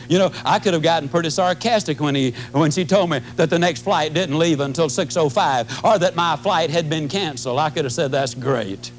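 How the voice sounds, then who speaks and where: A man in his fifties gives a motivational talk, his voice sitting notably high for a man. He speaks in a folksy, animated way, and a faint hum runs behind him. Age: 50s.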